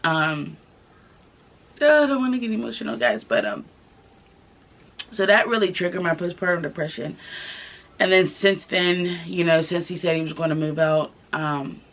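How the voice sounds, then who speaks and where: A young woman telling her own story to the camera in a casual vlog, candid and soft-spoken, pausing often with fillers. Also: deep voice. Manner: candid, halting, many fillers. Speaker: vlogger. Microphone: camera mic, filming herself.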